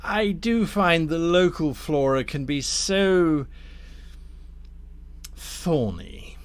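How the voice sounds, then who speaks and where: A man voicing a smooth, scheming male devil dealmaker who talks with polite, silky menace. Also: a little high, extremely slow, pitched above the performer's own voice.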